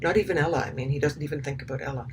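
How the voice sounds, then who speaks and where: Over some background noise, a medium-pitched voice rattles along very fast, commenting on a recording. The delivery is hesitant, packed with ums and restarts, and laced with indignant, sarcastic asides.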